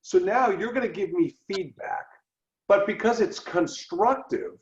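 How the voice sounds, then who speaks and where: A man co-hosting a podcast, talking through ideas in an animated way and acting out quoted dialogue. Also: sits high, measured pace, slight background noise. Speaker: podcast co-host. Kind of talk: conversational podcast discussion. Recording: roomy, dull lo-fi sound.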